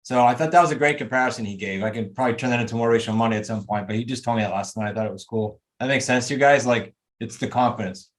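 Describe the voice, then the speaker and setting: A man leads a group coaching call over video in a mid-range voice. He talks emphatically and pushes his listeners with motivational energy. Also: mid-range voice. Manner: emphatic, motivational, rapid asides. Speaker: real estate coach.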